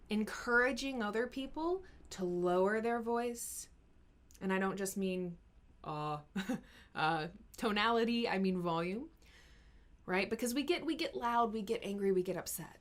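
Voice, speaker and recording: Earnest woman health coach. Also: mid-range voice. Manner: earnest and encouraging, explains step by step; sometimes drops to a slow, soft voice to model calm speaking. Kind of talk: live Q&A advice talk.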